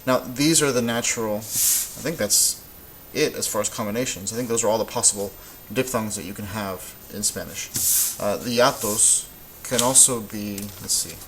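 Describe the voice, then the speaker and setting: A man with a lowish voice talks through a Spanish lesson in a relaxed, off-the-cuff way, pausing on ums and restarting his sentences. A faint hiss and occasional clicks sit under the recording. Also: low-quality recording. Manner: relaxed, thinking aloud with many ums and restarts. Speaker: Spanish teacher. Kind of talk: casual classroom-style lesson.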